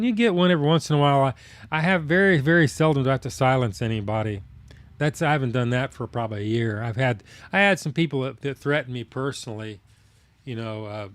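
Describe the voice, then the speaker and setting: A man hosts a live stream, reading viewer comments aloud and chatting in a plainspoken, folksy way. His mid-range voice rambles along with plenty of fillers, and there's no room sound.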